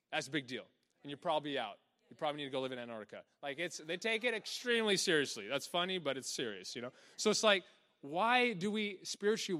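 A young male preacher with a slightly high voice gives an energetic, conversational sermon. He laughs often and acts out little quotes in a hushed, lower voice. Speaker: pastor.

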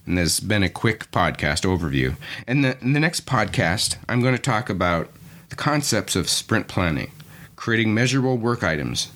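A man hosting a podcast lesson, explaining clearly and methodically. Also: lowish voice, big pitch swings, normal speed, fairly bright tone. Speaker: podcast host.

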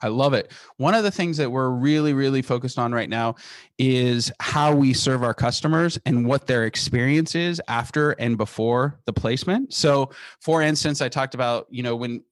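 A man being interviewed about the company he built. He speaks with emphatic energy and restarts his sentences often. His voice is dry and close, with average pitch. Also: normal speed, no echo. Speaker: business founder being interviewed. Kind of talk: casual interview talk.

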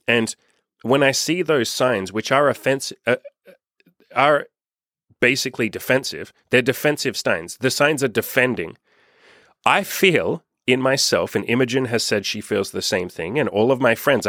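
A man's voice: medium pitch, fairly bright tone, dry recording, clean studio sound. A young Australian man coaching in a blunt, profane, casual monologue. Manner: blunt, profane, repetitive emphasis. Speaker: self-help coach.

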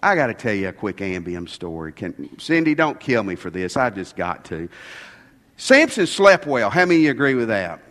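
Folksy preacher with a lively voice. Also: male voice, lowish voice, normal speed, in a large hall. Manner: folksy, joking asides. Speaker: pastor. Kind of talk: sermon.

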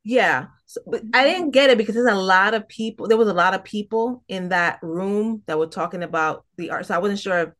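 A woman's voice: mid-range voice, a little fast, few pauses, fairly bright tone. A woman co-hosting a casual podcast chat, retelling an episode's plot with many fillers and restarts. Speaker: podcast co-host.

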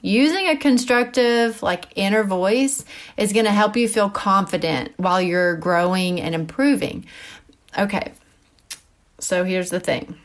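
A woman, a mother of school-age kids, hosting a casual Christian teaching podcast, talking in a chatty, animated way with frequent asides and fillers. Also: medium pitch, unhurried. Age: mother of middle schoolers. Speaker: podcast host.

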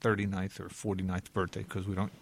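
Man with a lowish voice hosting a financial show. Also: steady tone, a little fast. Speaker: financial advisor and show co-host. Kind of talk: casual radio-show talk.

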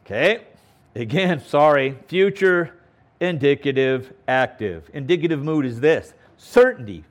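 A pastor teaches through a Bible passage in a slow, deliberate sermon, his voice rising and falling with lots of movement. He is a man with a slightly high voice who leans hard on repeated words for emphasis and keeps asking his listeners "okay?". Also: lively intonation.

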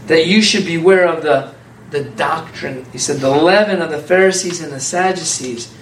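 A man preaching an informal, conversational sermon, animated and laughing often as a small group answers him. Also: on the high side, moderate pace, slight background noise. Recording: echoey room from far off.

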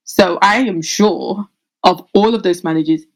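A woman midwife answering interview questions in an earnest, thoughtful way, often pausing over her words with fillers. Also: lowish voice, rough recording. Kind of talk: interview answers, casual conversation.

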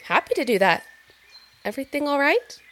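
An actress playing a gracious, sweet-natured female artist in an audio drama, effusive and gently probing. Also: high-pitched, sing-song, fairly quick. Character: gracious warm female artist, doctor's wife.

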